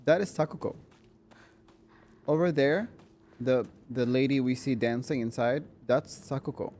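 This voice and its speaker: A man streaming a horror game, chatting excitedly with viewers, swearing and laughing as he plays. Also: mid-range voice, unhurried, slight background noise. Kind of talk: casual gameplay commentary.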